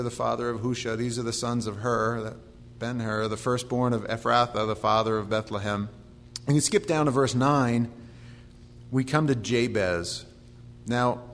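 A man's voice: medium pitch, fairly bright tone. Folksy preacher man in an echoey hall. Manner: folksy, joking asides while reading names. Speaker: pastor. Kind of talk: expository sermon. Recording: long hall reverb with faint hum.

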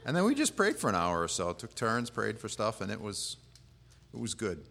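A man with a lowish voice gives a sermon from the front of a church, talking casually rather than preaching loudly. He rambles a little, with plenty of fillers. His voice rings out in a long, hall-like reverb. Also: normal speed, creaky. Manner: relaxed, plain-spoken, rambling with fillers. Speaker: pastor.

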